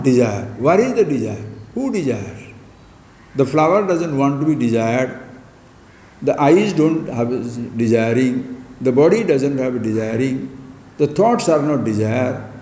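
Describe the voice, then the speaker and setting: Male spiritual teacher, mellow voice, questioning and repetitive delivery, recorded in a reverberant hall. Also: a little high. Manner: rhetorical questions, repeated emphatic phrases. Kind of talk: spiritual discourse. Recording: echoey hall with long reverb.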